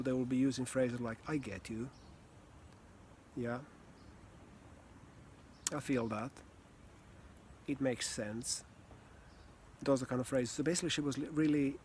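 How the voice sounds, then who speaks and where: A man teaching about communication in a casual, animated way, often easing into a soft, low near-whisper. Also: a little hiss or hum. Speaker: communication coach.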